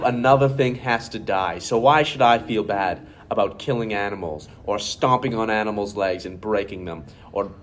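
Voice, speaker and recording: A man's voice: medium pitch, slight background noise, natural voice. A man doing a smug macho influencer. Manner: blunt boastful ranting. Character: arrogant macho male influencer, impression. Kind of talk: amateur comedy skit.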